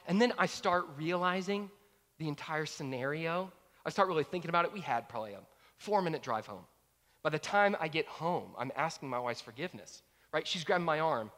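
A male pastor in his thirties tells a story from the pulpit in a high, animated voice that swings widely in pitch. He acts out both sides of the conversations. His voice rings with the long reverb of a large hall. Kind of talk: sermon with personal story.

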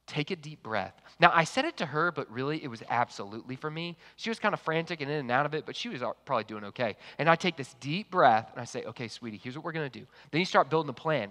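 A man preaching a sermon to an online congregation, telling a personal story in a lively, conversational way. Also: on the high side. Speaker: pastor. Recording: long hall reverb.

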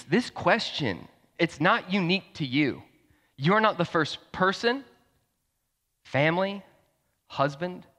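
A man's voice: on the high side, pushed and bright. A young adult man and pastor preaching a sermon in a conversational, emphatic way, firing off rhetorical questions in a church hall. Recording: long hall reverb.

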